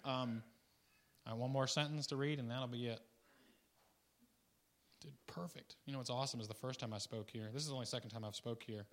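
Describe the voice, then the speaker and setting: This guest preacher's informal sermon comes at a fairly quick pace, broken by frequent pauses. He rambles conversationally, restarting and adding asides, and moves between loud, excited bursts and soft, low remarks.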